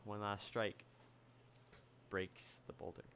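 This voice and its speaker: A man narrating as game master in a tabletop game, describing scenes haltingly with many pauses. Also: lowish voice, little pitch movement, a bit bright, muffled recording, a little hiss or hum. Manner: halting, lots of fillers and restarts while describing scenes.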